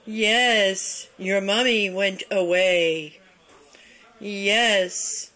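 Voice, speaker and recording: An older woman filming her cats at home on a phone, cooing to them in high baby talk. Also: takes it slowly, fairly bright tone. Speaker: grandmother filming pets. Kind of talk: casual home video with cats. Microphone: phone camera.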